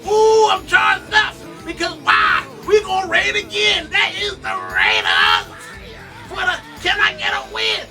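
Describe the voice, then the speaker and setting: A high, hollering revival preacher, as someone puts him on, belting out his blessings with big swooping call-and-response lines. He sounds bright and a bit off-mic, with faint music under him. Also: wildly swooping pitch, a little slow, distant mic, a faint crowd, exaggerated voice. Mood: fired up. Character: shouting revival preacher, grown man, impression. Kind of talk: mock sermon, sports picks.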